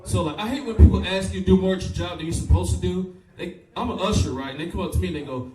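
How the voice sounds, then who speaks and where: Young guy doing stand-up, swearing a lot and cracking himself up, kinda high voice, echoey club mic from far off. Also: big pitch swings, fast, few pauses, mellow, faint music behind. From Fort Wayne, Indiana. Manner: loose, profane, laughing at his own jokes. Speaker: stand-up comedian. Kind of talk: live stand-up set with crowd work. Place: comedy club stage. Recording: echoey club recorded from a distance.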